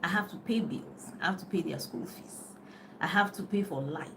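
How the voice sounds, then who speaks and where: With vocal fry and a fairly low pitch, a middle-aged female life and business coach chats at a moderate pace during a phone live video. She loses her train of thought often and laughs. The background is noisy.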